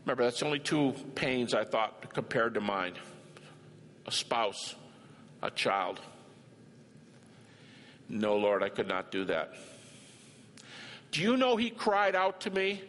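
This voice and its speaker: Lively older man preaching in a hall. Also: medium pitch, unhurried, long pauses. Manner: emphatic, dramatic, acts out dialogue. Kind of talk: sermon with personal storytelling. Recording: reverberant hall with faint ambience.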